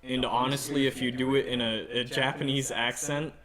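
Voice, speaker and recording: Halting young-sounding man in chat. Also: medium pitch, steady tone, crowd noise. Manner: halting, many restarts and fillers. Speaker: podcast participant planning a Japan trip. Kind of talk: casual chat.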